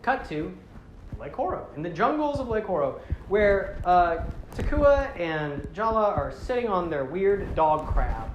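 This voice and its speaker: A man's voice: high-pitched, big pitch swings, measured pace. A man hosting a casual talk, rambling through a story retelling with jokes and casual swearing. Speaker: host. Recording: echoey room with faint hiss.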